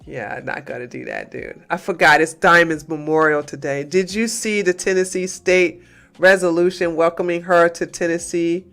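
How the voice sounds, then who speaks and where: A woman from Georgia, USA, hosts a casual livestream, talking emphatically and animatedly to her chat and swinging between loud outbursts and muttering. Her voice is fairly low at a moderate pace, with faint music behind her.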